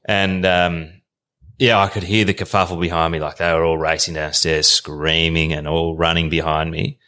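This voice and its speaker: Deep-voiced Australian man telling a yarn. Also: normal speed. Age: 30s. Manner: animated, colloquial yarn-spinner. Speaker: podcast guest. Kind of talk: casual storytelling.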